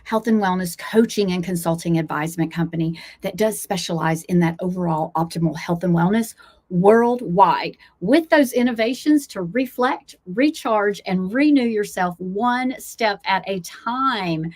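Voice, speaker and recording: A woman's voice: medium pitch, normal speed, a little mellow. A woman with a Southern American accent speaks as a wellness coach and travel host. She talks earnestly and encouragingly, in a casual vlog manner with many fillers. She records outdoors, with aircraft passing overhead. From United States, Blue Ridge foothills. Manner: earnest, motivational, with frequent fillers. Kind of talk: casual talking-head vlog.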